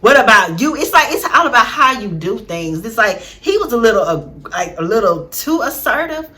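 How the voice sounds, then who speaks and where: A woman hosting a casual reality-show recap, animated and slangy, often laughing as she talks. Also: on the high side, normal speed. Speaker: vlog host.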